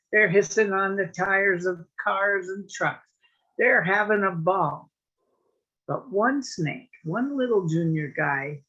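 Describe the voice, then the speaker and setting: A woman's voice: on the low side, dull audio. A woman storyteller telling a folksy tale at a story swap, raising her voice to act out the characters. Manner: folksy, lively teller who acts out the snakes with a raised voice. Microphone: video call.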